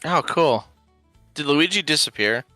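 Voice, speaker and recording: Male player, bright and crisp voice, dry close mic, quick quips. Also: fairly high pitch, expressive, no echo, soft background music. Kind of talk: casual tabletop game chat.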